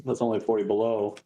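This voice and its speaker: A man from Minnesota chatting casually in a plainspoken way, quick to laugh. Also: lowish voice, lo-fi sound. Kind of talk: casual chat.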